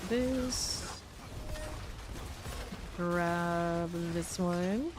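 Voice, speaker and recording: A woman's voice: lowish voice, background noise. A woman streaming a game, chatting casually with her chat and muttering item names while she loots. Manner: chatty, reads chat aloud and answers it, with quick asides.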